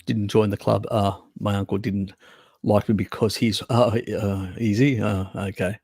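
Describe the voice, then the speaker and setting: A man's voice: fairly low pitch, little pitch movement, normal speed, darkish tone, breathy edge, dry recording, studio quality. An Australian man hosting a live stream, chatting casually and rambling, swearing now and then as he answers viewers. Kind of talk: casual chat reading viewer comments.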